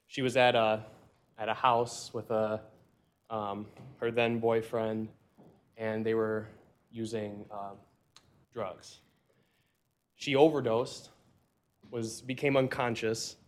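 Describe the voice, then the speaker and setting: A supervisor addresses his colleagues at a board meeting. He halts and restarts, with many fillers along the way. His voice stays even and flat. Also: lowish voice, slow, pauses often. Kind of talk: speech at a public meeting.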